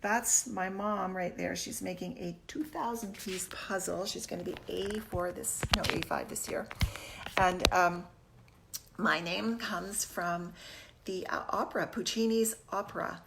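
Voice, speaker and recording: A woman's voice: on the low side, steady tone, a little slow, creaky, heavy background noise. A woman in her fifties hosting a casual live stream from her home kitchen on a phone camera, chatty and upbeat, greeting viewers as she talks. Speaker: fitness host.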